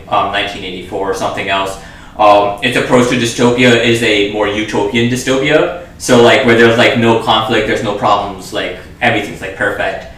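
A man's voice: lowish voice, a bit bright. A man discussing a film in casual talk, rambling with lots of fillers and restarts. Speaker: film podcast co-host. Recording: echoey room, voice far from mic.

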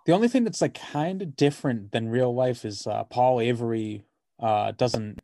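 A man's voice: medium pitch, moderate pace, warm tone, dry recording. Chatty man with a dry, close sound. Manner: rambling, lots of "like", swears freely. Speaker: podcast co-host. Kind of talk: casual movie discussion.

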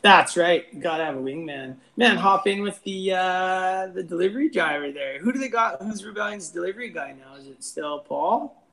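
A man's voice: high voice, lively intonation, moderate pace, vocal fry, fairly bright tone, poor audio. A laid-back man, chatting casually as a brewery owner on a video call. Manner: laid-back, says "man" often, laughs easily. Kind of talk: casual interview chat.

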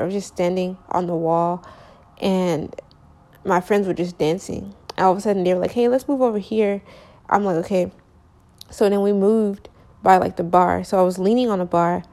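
A woman's voice: lowish voice, a little mellow. A young woman casually telling a long personal story, rambling with lots of fillers and slang, correcting herself as she goes, sleepy and yawning.

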